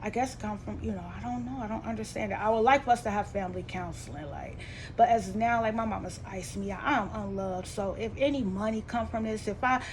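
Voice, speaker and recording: A woman telling a painful family story to her vlog audience. She speaks in a rambling, colloquial, heartfelt way, her voice rising and tightening when upset and falling soft and low when sad. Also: fairly quick, background noise. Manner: rambling and heartfelt, with many restarts and fillers; colloquial, with informal grammar. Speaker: vlogger. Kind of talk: emotional personal storytelling to camera.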